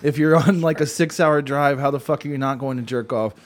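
A man's voice: medium pitch, fairly quick. A man co-hosting a podcast, blunt and exasperated, swearing often. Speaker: podcast co-host. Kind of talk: casual chat.

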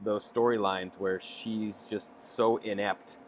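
A podcast co-host in casual chat, playful and quick to laugh, often slipping into silly voices. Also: low-pitched, steady tone, a little hiss or hum.

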